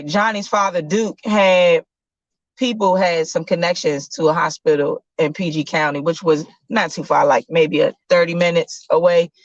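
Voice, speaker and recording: A woman with a low voice telling a story in a relaxed, slangy way, often correcting herself as she goes. The recording is dry and slightly lo-fi. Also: no room sound. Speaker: podcast host. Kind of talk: casual storytelling. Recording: dull lo-fi sound.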